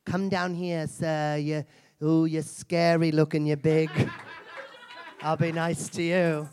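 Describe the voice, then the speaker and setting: Man, comedy host, high voice, abrasive, profane, stage microphone in a theater. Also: little pitch movement, takes it slowly, a little mellow, clean tone. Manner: mock-solemn and abrasive, swears, laughs at his own jokes. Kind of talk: live stand-up hosting. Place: theater stage before a live audience.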